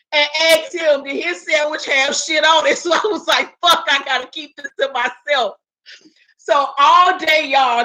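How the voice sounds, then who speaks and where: A woman's voice: high voice, bright, forceful tone, low-quality recording. A woman vlogger telling a casual storytime, slangy and profane, often laughing as she talks and quoting her own thoughts. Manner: quotes herself in her inner voice.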